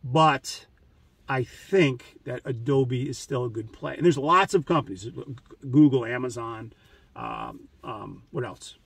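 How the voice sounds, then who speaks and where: Male host, mid-pitched husky voice, loose anecdotal delivery with frequent restarts, dry room, mic set back a little. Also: slow, a bit bright, dry recording, recorded from a distance. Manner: rambling, anecdotal, many restarts and fillers. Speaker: trading channel host. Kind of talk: casual monologue.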